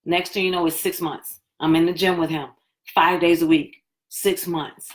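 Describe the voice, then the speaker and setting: Woman telling her story, lowish voice. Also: moderate pace. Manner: chatty, animated, acts out quoted talk. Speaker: live stream host. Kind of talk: casual personal storytelling.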